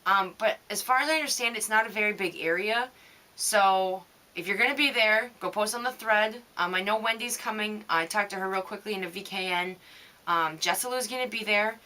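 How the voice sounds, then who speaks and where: Bright chatty woman rambling on her vlog. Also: mid-range voice, a little fast. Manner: chatty, rambling, frequent "um"s and laughs. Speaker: knitting vidcast host. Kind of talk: rambling casual vlog chat.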